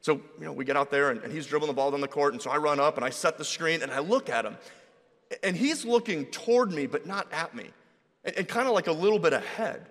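High-voiced pastor in a reverberant hall. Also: male voice, lively intonation, fast talker, a bit bright. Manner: conversational storytelling, acts out quoted voices. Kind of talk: sermon with personal story.

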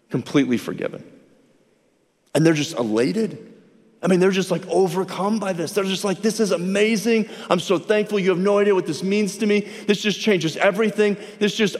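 A man preaching a sermon as a pastor, animated, acting out both sides of a conversation. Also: fairly high pitch, big-room sound.

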